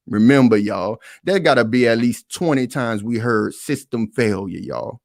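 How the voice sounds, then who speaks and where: A man's voice: medium pitch, moderate pace, few pauses, no echo, clean studio sound. Emphatic man reacting to a news clip. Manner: emphatic, repeats points, talks to viewers as "y'all". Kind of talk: reaction commentary.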